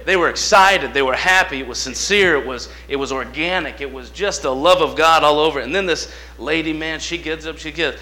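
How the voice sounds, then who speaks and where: A man preaches in a folksy, storytelling way. His voice sits a little high and sounds bright and forceful. He drops into quiet asides, then climbs into loud, emphatic lines. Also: fairly quick, hardly any pauses. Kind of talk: sermon with storytelling.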